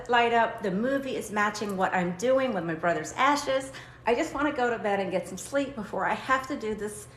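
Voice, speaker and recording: A woman hosting a livestream, telling a faith-based personal story with high energy and acting out the dialogue. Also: a bit bright, slight background noise. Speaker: livestream host. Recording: roomy, echoey room.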